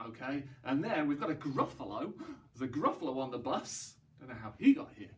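A man's voice: a little high, animated, normal speed, far from the mic. A man leading an online library song session for young children, with a cheerful, encouraging manner. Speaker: library rhyme-time leader. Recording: voice away from mic.

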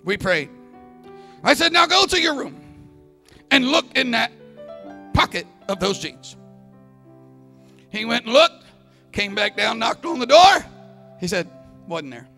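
A man preaching a Pentecostal sermon as a visiting evangelist, telling stories and rising into shouted climaxes. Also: very high-pitched, very animated, a little slow, pauses often. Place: church sanctuary. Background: soft organ music.

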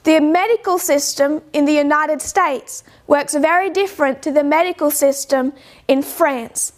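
A woman giving an informal lecture, slowing down to stress points and posing rhetorical questions. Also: sits high. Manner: measured, slows down to stress points. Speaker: speaker giving a talk.

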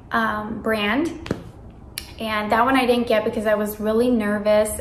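A young woman vlogger telling a story in an animated, chatty way, full of fillers and acted-out quotes. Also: on the high side, roomy sound, slight background noise. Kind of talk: casual storytime.

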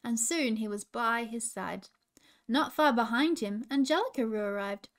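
High-voiced Australian woman reading a story. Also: animated, normal speed. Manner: warm, gentle, chatty with children. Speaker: children's coach. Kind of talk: storytelling with coaching asides.

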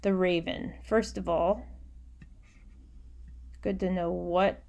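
A woman teaching a recorded poetry lesson, explaining patiently and muttering quiet asides to herself while she annotates on screen. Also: on the low side, fairly even intonation, takes it slowly, gravelly.

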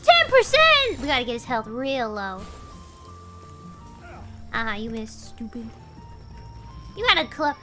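A woman game streamer chattering playfully, hyped up on caffeine, giggling and swinging between sing-song squeals and low mumbles. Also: unhurried, pauses often, loud music behind the voice. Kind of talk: playful live gameplay chatter.

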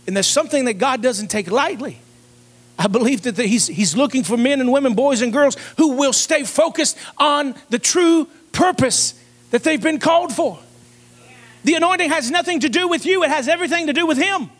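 A man with a strikingly high voice preaches a revival sermon in a church. He is fervent, calls on the congregation to answer back, and often climbs into shouts. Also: expressive, normal speed. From Cincinnati area. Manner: fervent, call-and-response preaching, rising to shouts. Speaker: evangelist preacher. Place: church sanctuary.

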